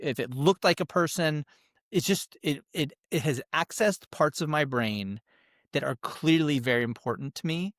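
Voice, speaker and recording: A man co-hosting a podcast in casual chat, excitable and rambling, restarting his sentences. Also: mid-range voice, no echo, clean studio sound. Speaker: podcast co-host.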